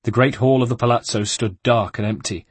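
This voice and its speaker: A man reading a novel aloud as an audiobook narrator, in a steady measured way. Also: mid-range voice, slightly rough, no echo.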